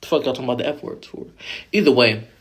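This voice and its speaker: A man's voice: medium pitch, quick pace, fairly bright tone. A man hosting a vlog, recapping a reality show in blunt, profane, opinionated casual commentary that rambles with restarts.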